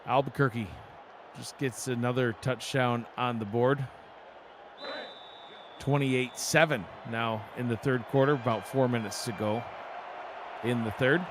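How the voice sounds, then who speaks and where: A man with a New York accent calling play-by-play for a simulated football game, brisk and joking. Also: medium pitch, fairly even intonation, a faint crowd, slight background noise. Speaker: play-by-play announcer. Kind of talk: play-by-play commentary.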